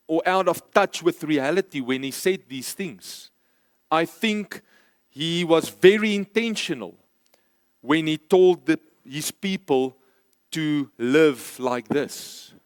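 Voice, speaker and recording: Pastor, male, high voice, slow emphatic sermon delivery, dry close sound. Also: dry recording. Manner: emphatic, repeats key phrases, slows for stress. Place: church.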